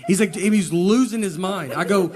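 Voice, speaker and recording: A man doing a stand-up comedy set, telling stories in a dry, deadpan way before a laughing crowd. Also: high-pitched, moderate pace. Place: live venue with audience laughter. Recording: noisy live show recording.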